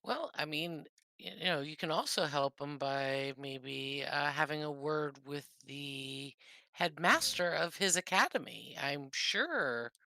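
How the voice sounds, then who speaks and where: A player in a tabletop game, hesitant and slow, pausing on fillers. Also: medium pitch, expressive, vocal fry, bright, forceful tone, no echo. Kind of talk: tabletop role-play.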